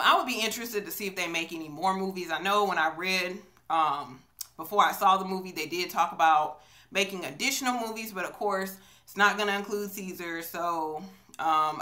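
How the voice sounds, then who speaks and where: Brief: chatty woman, bright forceful voice, rambling with lots of fillers, recorded on a phone at arm's length. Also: on the low side. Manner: chatty, storytelling, many fillers. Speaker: vlogger. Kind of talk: casual movie review vlog. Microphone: phone on a selfie stick.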